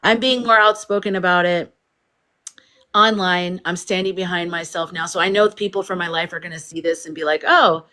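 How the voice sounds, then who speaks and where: A woman with a somewhat low voice hosts a casual livestream. She chats freely, reads viewer comments aloud and laughs often. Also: steady tone, brisk, pushed and bright. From United States. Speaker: livestream host.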